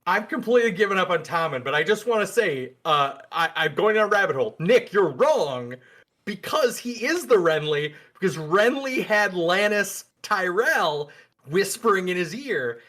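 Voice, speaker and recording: A man's voice: sits high, expressive, moderate pace, a bit bright. A man co-hosting a podcast, going off on joking tangents in a casual discussion. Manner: teasing, goes off on tangents. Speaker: podcast co-host.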